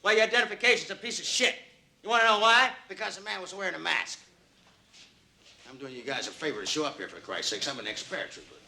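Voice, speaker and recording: An actor playing a defiant crook who mouths off at police during a lineup. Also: male voice, high-pitched, quick pace, vocal fry, pushed and bright, exaggerated voice. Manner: indignant, mouthy, sarcastic. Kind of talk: 1970s film acting.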